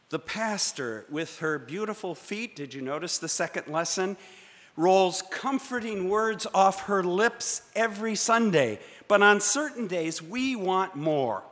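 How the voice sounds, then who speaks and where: A man preaching a sermon from the pulpit, measured and dramatic, with pauses for effect. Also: high voice, fairly bright tone. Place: church sanctuary. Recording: long church reverb.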